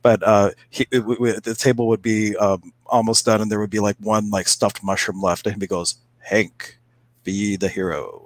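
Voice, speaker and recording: Low-voiced man, chatty storyteller. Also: level tone, normal speed, hardly any pauses, no echo. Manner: chatty storyteller, laughs while telling anecdotes. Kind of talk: casual chat.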